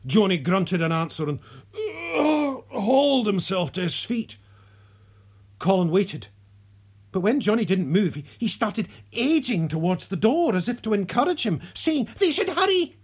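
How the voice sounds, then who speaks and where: A narrator reading a story aloud in a soft, unhurried way, sometimes dropping to a whisper. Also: medium pitch, sing-song, slightly rough. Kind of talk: audiobook narration.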